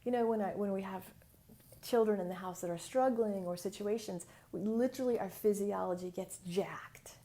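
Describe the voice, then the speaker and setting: Animated woman telling a story. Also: medium pitch, moderate pace. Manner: chatty and animated, acts out voices in quotes. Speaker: business mentor and podcast host. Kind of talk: casual solo podcast storytelling.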